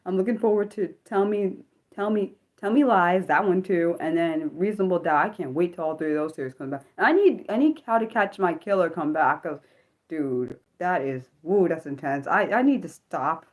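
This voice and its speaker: Rambling woman in her thirties, lowish voice. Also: lively intonation, normal speed. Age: 30s. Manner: rambling, jumps between topics, loses her thread. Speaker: livestream host. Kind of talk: casual unscripted livestream chat.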